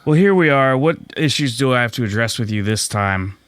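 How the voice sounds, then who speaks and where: A man's voice: mid-range voice, animated, fairly quick, a bit bright, a little hiss or hum. A young man hosting a podcast in casual, brash banter, swearing freely and teasing his co-host. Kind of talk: casual chat.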